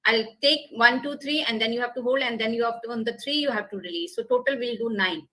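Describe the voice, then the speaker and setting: A woman with an Indian English accent speaks fast in a fairly high, bright and forceful voice while leading an online public speaking webinar on a video call. She explains each step, repeats key points and leads breathing exercises. The audio is poor.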